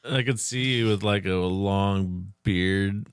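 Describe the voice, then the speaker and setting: A man's voice: deep voice, slow, clear, resonant tone, no room sound. A man on a podcast making short, teasing wisecracks in casual chat. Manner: wisecracking, brief quips.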